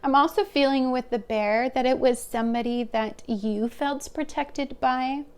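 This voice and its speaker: A woman's voice: sits high, fairly even intonation, unhurried, a little mellow, clean tone. A woman giving a pick-a-card tarot reading to her viewers, talking in a hesitant, searching, heartfelt way. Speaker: tarot reader.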